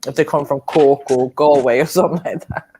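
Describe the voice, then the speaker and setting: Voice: medium pitch, steady tone, fairly quick, warm tone, a little hiss or hum. A panel guest in casual chat, talking about accents with a laugh.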